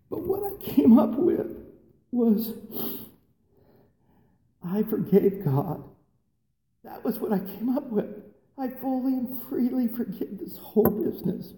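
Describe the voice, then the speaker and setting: A high-pitched yet mellow man shares his own story at a recovery meeting in a large hall. His voice rings back from the walls with a long tail. He talks in a loose, self-mocking way, full of fillers and asides. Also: very animated, slow, long pauses. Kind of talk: personal testimony to a live audience. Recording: echoey hall with long reverb.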